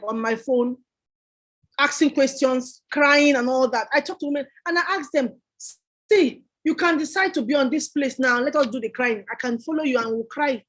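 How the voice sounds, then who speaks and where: A woman delivers a motivational talk in a notably high voice. She is emphatic and repeats her phrases for effect, much like a preacher. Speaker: guest entrepreneur.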